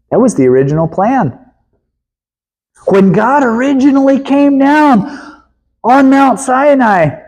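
A man preaching a sermon in an emphatic way, swinging from loud to hushed and chuckling at times. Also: extremely high pitch, husky.

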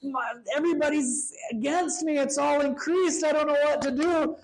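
Anxious young king voiced by a preacher, pleading, panicky, higher voice. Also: fairly even intonation, normal speed, low-quality recording. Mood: panicked.

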